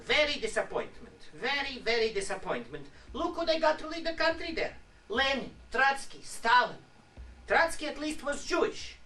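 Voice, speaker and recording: A man's voice: very high voice, normal speed, heavily acted. A man doing a wry old revolutionary with a Russian accent. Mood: grumbling. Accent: Russian (put on). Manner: wry, deadpan complaining in broken English. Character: weary old male revolutionary thinker, wry and grumbling. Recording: distant archive clip with faint hiss.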